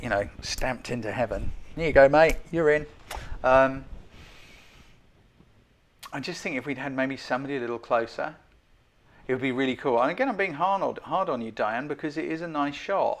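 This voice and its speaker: A man's voice: mid-range voice, a bit bright. A man hosting a live-stream photo critique, chatty and self-deprecating, often turning to ask viewers what they think. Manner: chatty, keeps asking viewers' opinions. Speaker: host giving photo feedback.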